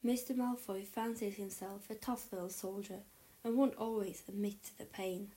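A woman reading aloud, voicing a brisk, stern female school matron with crisp, instructive delivery. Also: medium pitch, fairly even intonation, mellow, natural voice.

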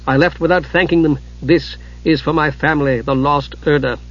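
A frightened young woman talks herself into courage, quiet and inward, as a man voices her. The tone stays husky and soft, on a dull lo-fi storybook recording. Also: a little high, steady tone, moderate pace. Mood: resolute.

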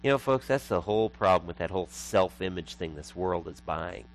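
A man's voice: low voice, animated, a little fast, vocal fry, poor audio. A man preaching a sermon as pastor, emphatic and repeating lines for effect.

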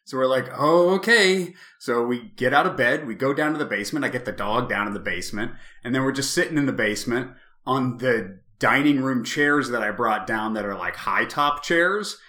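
A man in his thirties telling a long story in casual chat, animated and profane, jumping up to shouts when he acts out what he said. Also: mid-range voice, a little fast, hardly any pauses, roomy sound. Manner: animated, profane, swings to shouting in retold moments. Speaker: podcast co-host.

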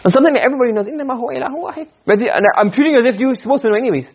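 A man teaching a lecture on Arabic rhetoric, often checking that students follow and reciting Arabic quotations quickly. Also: very high voice, expressive, husky. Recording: dull lo-fi recording.

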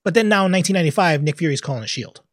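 A man co-hosts a relaxed movie podcast and acts out his own reactions as he goes. His voice sits a bit high, and it is recorded dry with no room sound. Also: very fast, dry recording. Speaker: podcast co-host. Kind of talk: casual chat.

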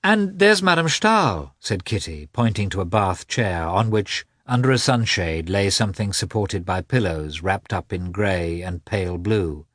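A man narrating a classic novel as an expressive audiobook reader. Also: sits low, moderate pace, few pauses, no room sound, studio quality. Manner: expressive, varied reading. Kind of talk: scripted narration.

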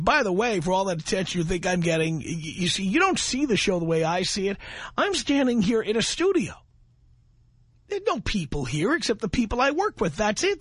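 Male radio host, high-ish voice, husky edge, brash and boastful, studio mic. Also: no room sound. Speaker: radio talk show host. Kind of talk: radio talk monologue.

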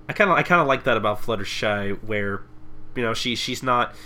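A man's voice: mid-range voice, a little fast, sharp tone. A young man co-hosting a podcast, chatting casually about a cartoon, often stammering and restarting. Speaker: podcast co-host. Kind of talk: casual recap chat.

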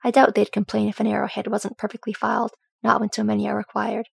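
A woman voicing a scarred, fierce dwarf warrior woman with a soft, wry manner in a storybook reading. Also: medium pitch, completely flat delivery, fast, creaky, slightly rough, dry recording, clean studio sound.

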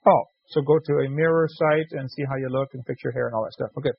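Gravelly, husky radio host man. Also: medium pitch, steady tone, fast talker, no room sound, dull audio. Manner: chatty, jokey, reads letters aloud and corrects himself. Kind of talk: casual radio talk, reading listener letters.

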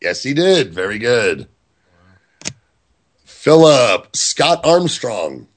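A man's voice: mid-range voice, very animated, extremely slow. A man hosting a casual quiz game on a podcast, playful and joking as he reads names from a list. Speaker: quiz host.

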